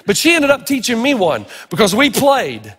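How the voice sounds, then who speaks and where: A middle-aged pastor with a strikingly high voice delivers a sermon, telling stories with animated playfulness. He speaks at a moderate pace with a slightly rough edge, and a long reverb tail rings through the large hall.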